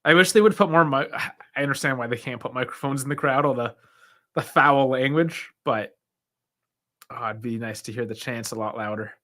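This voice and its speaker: A man's voice: mid-range voice, normal speed, bright, forceful tone. A young man hosting a football watch-along stream, chatting casually, reacting aloud with sighs and laughs and talking to his chat. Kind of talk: casual live match commentary.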